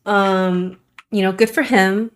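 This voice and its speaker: A woman's voice: mid-range voice, fairly even intonation, takes it slowly, smooth. A young adult woman streaming a game and chatting casually, rambling with lots of "like" in a Valley Girl-ish way. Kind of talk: casual gaming stream chat.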